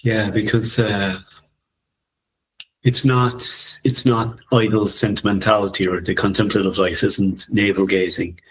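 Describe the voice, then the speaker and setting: A man in his fifties, co-hosting a podcast in a reflective, musing conversational way, soft-spoken and often laughing. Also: on the low side, flat delivery, measured pace, slightly rough. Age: 50s. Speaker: podcast co-host.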